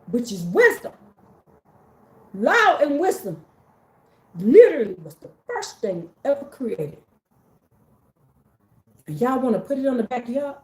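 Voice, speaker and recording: A woman giving a casual, animated religious pep talk to her community, talking in a preachy, slangy way and repeating herself for emphasis. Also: on the high side, reverberant. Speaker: faith community speaker.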